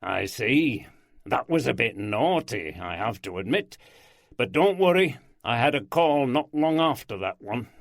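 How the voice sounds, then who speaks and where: A man's voice: mid-range voice, sing-song, a little slow, no room sound. Hearty teasing Yorkshire police boss, raised voice, dry close sound, a male narrator doing him. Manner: hearty, chuckling.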